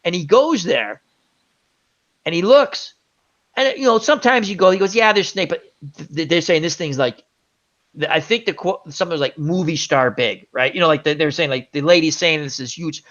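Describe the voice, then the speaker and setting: A man's voice: a little high, a little fast. A man hosting a casual chat show, telling a long rambling story with lots of asides. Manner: rambling, animated anecdote with many asides. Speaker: host. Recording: dull lo-fi audio.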